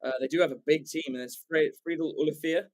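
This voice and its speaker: English guy doing live rugby play-by-play, gets excited on breaks, lots of ums and restarts. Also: on the high side, fast. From England. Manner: excitable, rambling with fillers and self-corrections. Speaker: watchalong commentator.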